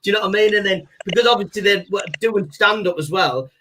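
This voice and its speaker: A chatty man on a video call who talks in loose, rambling runs, stacked with fillers. His voice is high and bright, with faint hiss in the line. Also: quick pace. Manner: chatty, rambling, full of fillers like "you know". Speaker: guest impressionist. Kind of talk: casual chat on a video call.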